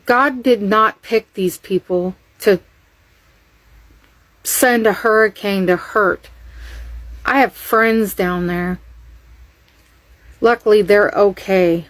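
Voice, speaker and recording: Woman, slow disgusted scolding, dry close mic. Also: medium pitch, no room sound, poor audio. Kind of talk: angry reaction video.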